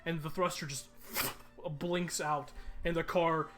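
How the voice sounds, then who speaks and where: A man narrating as game master of a tabletop game, pausing often with ums and uhs. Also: on the high side, fairly even intonation, over music. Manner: halting, many ums and uhs.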